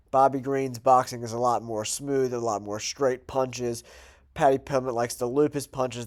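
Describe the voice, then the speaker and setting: A man with a stuffed-up, nasal voice from a cold hosts his own show. He talks casually and thinks out loud, with plenty of fillers as he works through his picks. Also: mid-range voice. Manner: chatty, thinking aloud with fillers. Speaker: host. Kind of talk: casual betting predictions monologue.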